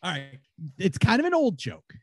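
A man guest on a casual podcast, telling stories and jokes in an animated, laughing way. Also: sits high, moderate pace, breathy edge, no room sound. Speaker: guest, former radio host.

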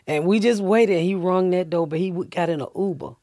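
A woman telling a story casually as a podcast guest, lively and profane, acting out what people said. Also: on the low side, a little fast, dry recording, clean studio sound.

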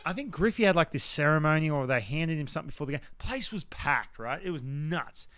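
A man from Australia in his thirties, a former baseball pitcher and podcast guest, telling a story with animated energy, acting out his old thoughts in quotes and laughing often. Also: brisk, no echo.

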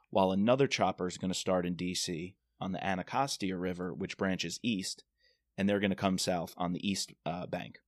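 A deep-voiced man co-host in casual chat, eagerly recounting a thriller's plot and voicing its characters as he goes. The sound is dry and close, with little room around him. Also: no echo. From Washington DC area. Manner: animated retelling, acts out characters' lines. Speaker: podcast co-host discussing a novel.

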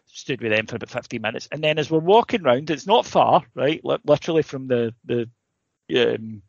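A man's voice: medium pitch, animated, brisk, vocal fry, no echo, dull audio. A man, co-hosting a podcast and telling a long anecdote in casual chat, swearing freely and checking in with "right?". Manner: swears freely, builds a story with asides and repeated "right?". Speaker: podcast co-host.

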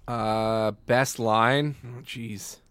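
A man's voice: medium pitch, fairly even intonation, very slow, fairly bright tone, clean tone, no echo, studio quality. A man co-hosting a podcast, rambling casually and mocking a movie's scenes. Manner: rambling, mocking, does silly quoted voices. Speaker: podcast co-host. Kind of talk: casual movie review chat.

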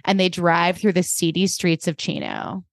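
A woman co-hosting a podcast, recapping episodes in casual chat and acting out characters' lines in quick impressions. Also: fairly low pitch, steady tone, gravelly, no echo, clean studio sound. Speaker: podcast co-host.

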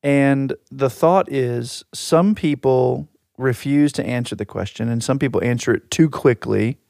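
Middle-aged male podcast co-host, gravelly, wry storyteller, dry close sound. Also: mid-range voice, measured pace, a little mellow, no echo. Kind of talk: casual chat.

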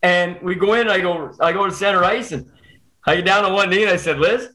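A Canadian man telling a personal story in casual chat, animated and quick with restarts. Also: high voice, poor audio.

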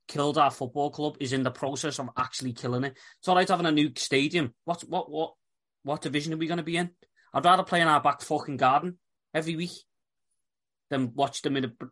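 A man's voice: on the high side, a bit bright. A man on a casual podcast, blunt and worn down, swearing now and then. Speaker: podcast panelist.

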